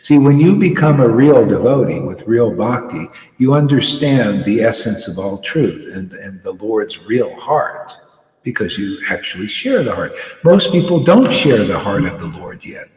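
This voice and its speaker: A man's voice: fairly low pitch, sing-song, unhurried, darkish tone. A man, a spiritual teacher, giving an earnest devotional talk, often repeating words as he preaches. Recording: echoey hall, from far off.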